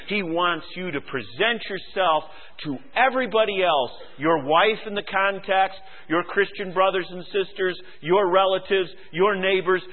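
A man preaching a sermon as pastor, acting out quoted voices and swinging between shouts and hushed tones. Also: sits high. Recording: phone-like radio broadcast.

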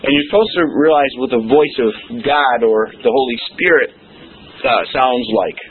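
A man's voice: mid-range voice, moderate pace, breathy edge. A man preaching verse by verse in a conversational way, often checking in with his listeners. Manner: conversational, checks in with "okay?" and "all right?". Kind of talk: verse-by-verse sermon. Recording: tinny phone-like recording with faint hiss.

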